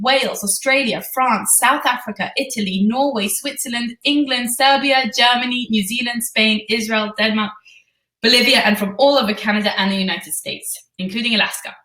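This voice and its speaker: A woman hosting a live parenting webinar, answering questions gently with many ums and uhs. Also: fairly high pitch. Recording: roomy sound, distant from the mic.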